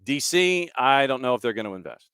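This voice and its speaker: A man hosts a soccer talk show in a casual, opinionated way. He keeps throwing out rhetorical questions. His voice is smooth and resonant, with a dry, close sound and no room echo. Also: mid-range voice, sing-song, fairly quick, bright, forceful tone. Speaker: soccer podcast host. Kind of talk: casual solo commentary.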